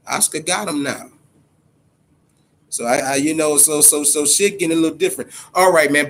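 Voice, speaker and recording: A man riffing casually on boxing news with a profane, animated storytelling manner. His voice sits a touch higher than most men's. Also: normal speed. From Ohio, USA. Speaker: boxing commentator.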